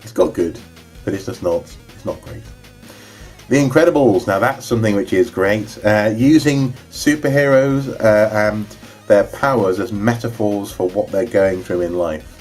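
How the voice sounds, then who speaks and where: A man's voice: on the low side, moderate pace, darkish tone, soft background music. A young man chatting casually about his film collection, rambling and enthusiastic, with many fillers and restarts. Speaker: vlogger reviewing his DVD collection. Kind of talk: casual chat.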